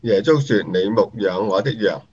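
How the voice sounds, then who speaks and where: A man giving an even, formal Bible reading. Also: on the low side, normal speed, breathy edge. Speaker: scripture reader. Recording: dull lo-fi recording.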